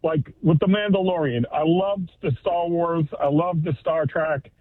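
A man calling in to a radio program, talking in a loose, rambling way. His slightly high voice comes through a tinny phone line with a narrow band. The line sounds dry, with no room echo. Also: measured pace. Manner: rambling, casual. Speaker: caller. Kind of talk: casual phone call.

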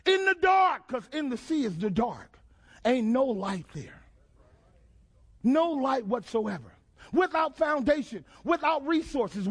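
A man with a strikingly high voice delivers a fervent sermon. He builds rhythmic repetitions and questions to the congregation, climbing into shouted emphasis. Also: slightly rough. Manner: call-and-response preaching, rising to shouts. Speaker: preacher.

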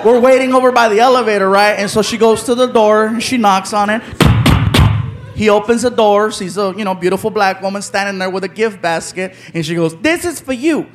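A man doing stand-up comedy, telling a story with animated acted-out voices on a live stage. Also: sits high, fairly quick. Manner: animated, acts out other characters' voices. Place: live comedy venue with audience. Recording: live stage recording with crowd noise.

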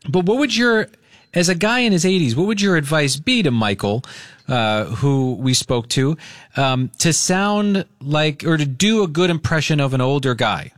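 A male morning radio host talks into a close, dry studio microphone. His voice sits slightly high and swoops lively up and down. He banters upbeat and playful with a caller. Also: moderate pace, dry recording.

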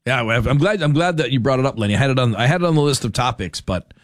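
A man's voice: medium pitch, expressive, no echo, clean studio sound. A man hosting a call-in talk radio show, chatting casually with callers and trailing off into fillers. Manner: casual, agreeable, drawn-out fillers. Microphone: studio microphone.

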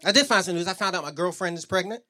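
A man's voice: sits high, very fast, bright, forceful tone. A man doing a stand-up comedy set, telling casual confessional stories about being a stepdad.

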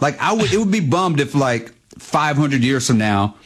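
A man's voice: medium pitch, very animated, normal speed. A man co-hosting a radio talk show, rambling with lots of restarts and "like"s. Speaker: radio co-host.

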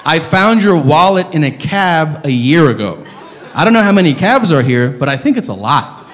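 A man's voice: fairly high pitch, sing-song, moderate pace, fairly bright tone, a faint crowd. A male stand-up comedian telling a story in an exasperated, profane, emphatic way, on a comedy stage. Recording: reverberant hall with audience noise.

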